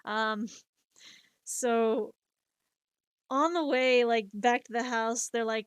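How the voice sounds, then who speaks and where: A woman's voice: a little high, steady tone, slow, pauses often, clear, resonant tone, no echo, clean studio sound. A woman in her thirties streaming and telling rambling stories, full of fillers and restarts, laughing at herself. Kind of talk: casual storytelling chat.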